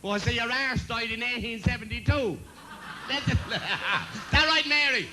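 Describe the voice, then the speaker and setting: A man's voice: very high-pitched, a little slow, noisy background. A man doing bawdy stand-up jokes on stage, chuckling at his own punchlines. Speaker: comedian and compere.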